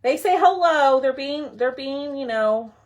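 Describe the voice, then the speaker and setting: A woman's voice: sits high, animated, a little slow. A woman hosting a casual craft tutorial livestream, chatting with her viewers and her pets while she works.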